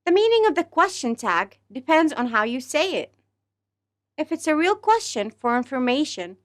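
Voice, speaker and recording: A woman teaching an English grammar lesson to pupils, speaking slowly and deliberately and exaggerating the rise and fall of example phrases. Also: sits high, very animated, fairly bright tone. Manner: slow, deliberate delivery, speaking to pupils as a class; exaggerated rising and falling intonation on example phrases.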